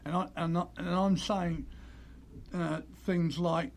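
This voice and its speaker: An older Australian man telling animated stories as an interview guest, acting out the voices of the people he quotes. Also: high-pitched, takes it slowly. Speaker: interview guest, former player agent. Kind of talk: conversational storytelling.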